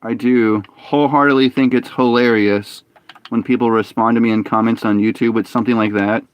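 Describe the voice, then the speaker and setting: A young man streaming a game, talking in a ranting, opinionated way with halting restarts and frustrated outbursts. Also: medium pitch, fairly even intonation, clear, resonant tone. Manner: halting restarts and repeated words. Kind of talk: casual live-stream talk while gaming.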